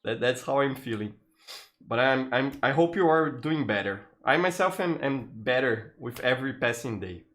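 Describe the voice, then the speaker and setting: A medium-pitched man speaks at a moderate pace. Tired and relaxed, this Brazilian live streamer with a Brazilian Portuguese accent chats casually, greets viewers by name, and frequently starts his sentences over.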